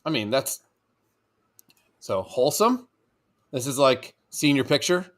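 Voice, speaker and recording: A man riffs through a crude, casual podcast conversation, rambling from one tangent to the next. His pitch moves a lot, and he laughs often and slides into goofy put-on voices. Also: sing-song, unhurried, a bit bright. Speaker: podcast co-host.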